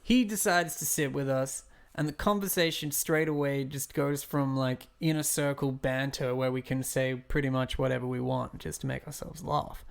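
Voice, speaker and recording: A man's voice: mid-range voice, steady tone, moderate pace, gravelly, hardly any pauses. A man co-hosting a podcast, telling a rambling, profane story in a casual chat. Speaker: podcast co-host.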